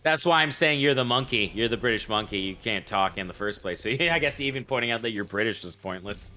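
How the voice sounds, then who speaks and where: A man's voice: fairly low pitch, lively intonation, quick pace, sharp tone, a little hiss or hum. A man co-hosting a game livestream, chatting in a rambling, jokey way and swearing freely. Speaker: game streamer co-host. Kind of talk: casual gaming livestream chat.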